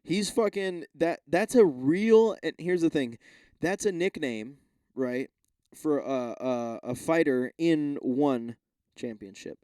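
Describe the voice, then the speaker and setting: A man hosting his own podcast, talking off the cuff in a loose, profane ramble that keeps doubling back on itself. His voice sits a little high but sounds mellow and warm. The room is dry and close, with no echo. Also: animated, slow. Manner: rambling, profane, self-interrupting. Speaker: podcast host. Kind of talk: casual solo rant.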